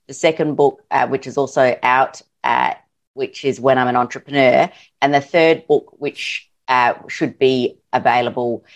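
A middle-aged woman with an Australian accent talks through her work as a podcast guest. Her voice sits very low for a woman. She sounds earnest and thoughtful, and she pauses to find her words. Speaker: surgeon and author, podcast guest. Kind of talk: casual interview answers.

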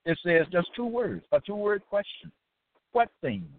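A man's voice: sits high, sing-song, normal speed. Man preaching over a tinny line. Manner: repetitive rhetorical questions, frequent "okay?". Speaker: religious teacher. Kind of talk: preaching lecture. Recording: tinny dry phone-line sound.

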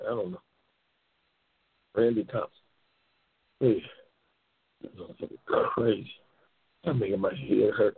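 A man hosting a loose call-in talk show, excitable and profane, yelling and laughing at his callers. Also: medium pitch, slightly rough. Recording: tinny phone-like audio.

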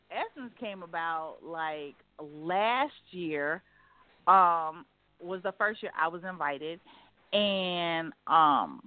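A woman's voice: lowish voice, no echo. A woman author telling a story in a casual interview, acting out both sides of conversations in quoted voices. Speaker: guest author. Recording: phone-like dry sound.

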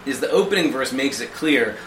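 Fast-talking man in an echoey room. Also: medium pitch, a little hiss or hum. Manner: animated, acts out quoted prayers in different voices. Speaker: podcast co-host. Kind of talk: conversational theology discussion.

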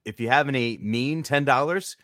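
A man's voice: medium pitch, normal speed, fairly bright tone, dry recording, studio quality. A man hosting a podcast, chatting casually, joking and asking his co-hosts questions. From California. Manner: jokey, rambling, asks the guests questions. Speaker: podcast host.

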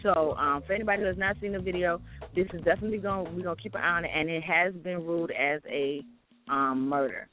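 A woman's voice: on the low side, quick pace. A woman co-host giving a chatty news update, with lots of hesitant ums. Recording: tinny phone-like sound with faint music.

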